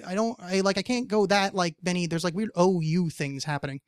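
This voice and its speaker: A man's voice: high voice, fairly quick, smooth, dry recording, studio quality. A man hosting a casual podcast chat, rambling with many fillers, jokes and swearing. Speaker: podcast host.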